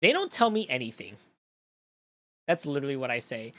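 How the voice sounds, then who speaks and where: A young man streaming in a casual chat, telling stories in an animated way, swearing freely and talking to his chat. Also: mid-range voice, brisk.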